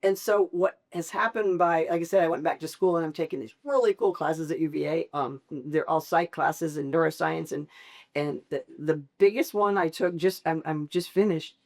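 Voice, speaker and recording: A middle-aged woman, a family caregiver, speaking candidly in an interview and acting out voices as she tells her stories. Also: moderate pace. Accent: Southern American. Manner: animated storyteller, acts out quoted voices with big pitch jumps.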